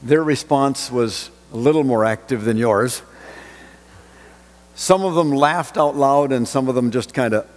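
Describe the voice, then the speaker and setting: A male pastor delivering a sermon, reading scripture and telling a story, with lively swings in delivery. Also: unhurried. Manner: expressive preaching with dramatic pitch swings on quoted lines. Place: church sanctuary. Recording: church sanctuary with long reverb.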